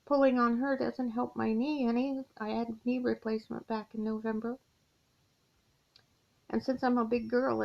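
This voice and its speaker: A middle-aged woman talks slowly and wearily, a gravelly rasp running under her fairly high voice. She confides from a guest room in her mother's house, with sighs between her thoughts. The home recording sounds dull and lo-fi. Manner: weary, heartfelt, slow confiding talk with sighs. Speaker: crochet vlogger caring for her mother. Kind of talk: personal confessional vlog.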